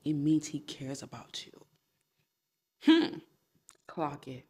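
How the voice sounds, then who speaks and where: A woman's voice: low-pitched, expressive, slow pace, long pauses, mellow, slightly rough. A woman hosting a podcast, talking directly to her listeners in a casual way. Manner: direct, addresses listeners as guys. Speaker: podcast host.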